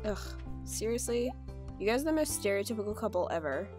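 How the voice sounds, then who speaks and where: A woman's voice: mid-range voice, very animated, brisk, over music. A woman casually narrating her gameplay, chatting and exclaiming at the characters on screen. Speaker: let's play gamer.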